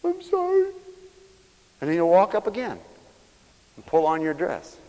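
Male preacher, lively pitch, exclamatory sermon, long hall reverb. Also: normal speed. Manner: emotional, exclamatory, swings between hushed and loud.

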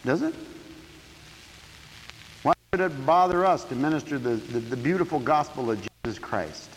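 A man preaching a sermon emphatically, dropping to quiet asides and rising to shouts. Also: medium pitch, expressive, moderate pace, slight background noise. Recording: echoey hall.

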